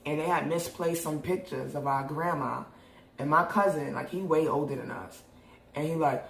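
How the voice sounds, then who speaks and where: Animated, cussing young New woman. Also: low voice, normal speed, vocal fry. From New York. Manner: animated, profane, laughs often. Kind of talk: casual storytelling. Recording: roomy echo.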